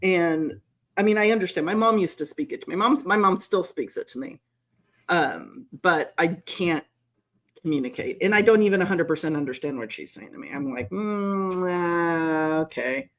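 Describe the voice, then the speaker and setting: Woman, forties, podcast host; brash, profane storyteller, very lively pitch. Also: a little fast. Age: 40s. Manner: blunt, profane, animated storyteller who laughs often. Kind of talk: casual chat.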